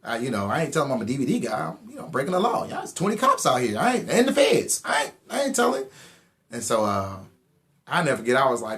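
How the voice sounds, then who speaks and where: A young man, giving a casual and animated personal testimony and acting out the dialogue. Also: medium pitch, fast. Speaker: testimony speaker.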